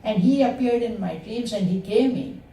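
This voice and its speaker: A woman in her sixties tells her devotional story in an earnest, halting way, her voice warm and dark. She sounds some way off the microphone in a roomy, echoing hall, with a faint hiss behind her. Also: fairly high pitch, lively intonation. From India. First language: Telugu. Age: 60s. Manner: earnest, personal storytelling with hesitations. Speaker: satsang speaker. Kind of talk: devotional testimony to a gathering. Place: meeting hall of a spiritual center. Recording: roomy sound from far off the mic.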